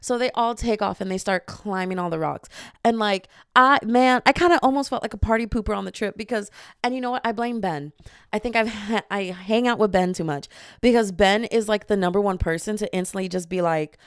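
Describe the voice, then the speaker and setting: A young woman hosting her own show, telling a funny travel story in a casual, animated way with quick asides and laughter. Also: medium pitch, clean tone, no room sound, clean studio sound. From family from Dominica. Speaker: podcast host.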